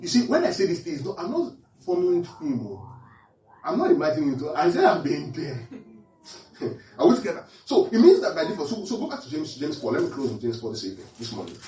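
With a slightly high, warm voice whose pitch swoops wildly, a pastor briskly teaches from the Bible and quizzes his listeners over and over in an interactive sermon. The sound is echoey, from a distant mic.

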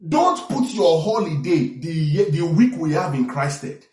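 A man preaching a sermon as pastor, animated, often checking in with the congregation. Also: on the high side, unhurried. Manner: animated preaching with call-and-response asides. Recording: echoey room from far off.

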